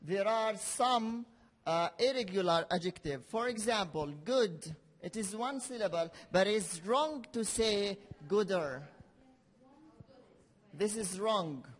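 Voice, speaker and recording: A male teacher giving a classroom grammar lesson, speaking slowly and repeating key words for his learners. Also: high-pitched, animated. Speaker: English teacher. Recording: reverberant classroom hall.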